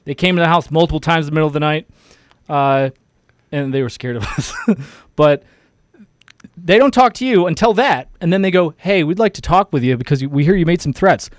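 Co-host guy, kinda high voice, quick asides, dry close mic. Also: lively intonation, no room sound. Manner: chimes in with short agreements and quick asides. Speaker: show co-host. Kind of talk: casual chat.

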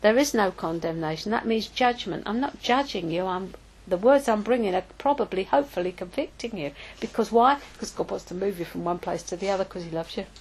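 An older woman preaching in a relaxed, conversational way. She tells personal stories and often stops to correct herself, at a medium pitch. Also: a little fast, few pauses, husky, low-quality recording. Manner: chatty and anecdotal, with self-corrections. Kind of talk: informal teaching talk.

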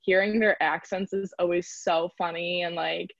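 A woman's voice: lowish voice, fairly even intonation, normal speed, creaky, no echo, muffled recording. A young woman from the Chicago area, chatting casually in an interview as a college rower and filling her speech with "like". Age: young adult. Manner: chatty, lots of "like" fillers.

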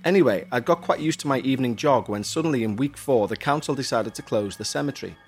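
A man's voice: medium pitch, fast talker, husky, soft background music. A man from Huyton, co-hosting a podcast and reading listener emails aloud in a chatty, jokey way with self-mocking asides. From Huyton, Merseyside, England.

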